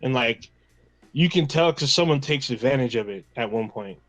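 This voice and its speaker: A man co-hosting a podcast who rambles through stories and swears easily. His voice sits at an ordinary middle pitch. It is recorded close and dry. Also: animated, moderate pace, fairly bright tone, dry recording, low-quality recording. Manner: rambling, profane, retells scenes with quoted reactions. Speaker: podcast co-host. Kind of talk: casual chat.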